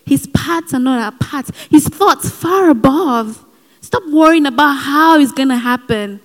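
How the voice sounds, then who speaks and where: A woman preaches with earnest urgency, mixing exhortation with personal asides. Her voice sits high, and each phrase rings on in a large hall with long reverb. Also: animated, measured pace. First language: not given. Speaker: speaker at a Christian gathering. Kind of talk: sermon.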